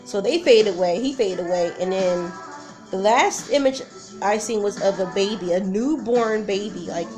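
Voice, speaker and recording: A woman's voice: medium pitch, moderate pace, over music. A woman in her twenties telling a personal story in a casual, rambling, emotional way, full of fillers and restarts. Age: 20s. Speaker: vlogger.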